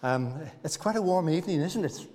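A man's voice: on the high side, expressive, brisk, a little mellow. A man preaching a sermon in a church, talking to the congregation in a folksy, good-humored way. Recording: church hall reverb.

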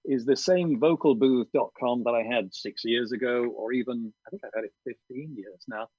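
A man's voice: medium pitch, normal speed, breathy edge, no room sound, muffled recording. A male audiobook narrator talking over a video call from his garden studio, thoughtful and hesitant, with many ums and restarts.

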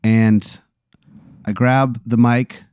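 A man's voice: mid-range voice, level tone, drawn-out words, darkish tone, smooth, no echo, studio quality. A man as podcast guest in a casual comedy chat, reacting with incredulous questions. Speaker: podcast guest answering a hypothetical.

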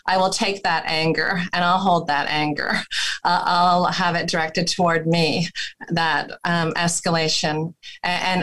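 A woman couples therapist, a guest in an interview, explaining her technique and acting out gentle therapist phrasing in her own voice. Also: fairly low pitch, rough recording.

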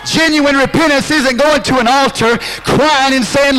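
Male pastor, very high, bright and forceful voice, impassioned sermon delivery with shouts. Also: rough recording. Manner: impassioned preaching with drawn-out phrases and sudden shouts.

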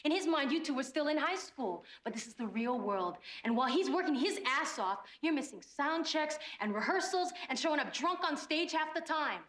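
An actress playing a blunt young woman lecturing a rocker in a TV drama clip, in a sharp, scolding manner. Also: high-pitched, expressive, moderate pace, few pauses. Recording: roomy TV episode clip.

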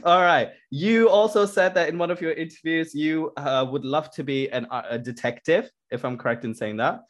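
A man hosting a podcast, asking quick questions and setting up improv games with short, brisk acknowledgements. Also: fairly high pitch. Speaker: podcast host. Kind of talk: casual interview.

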